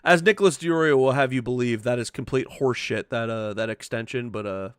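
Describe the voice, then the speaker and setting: A man hosting a casual online talk show, animated and laughing, swearing often as he reacts to clips with his guests. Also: medium pitch, a little fast, clear, resonant tone, dry recording, studio quality. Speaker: podcast host. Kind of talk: casual chat.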